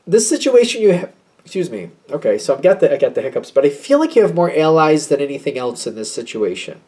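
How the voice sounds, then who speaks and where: A man's voice: on the high side, warm tone. A man doing a casual tarot card reading, chatty and thinking aloud with many fillers. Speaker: tarot reader.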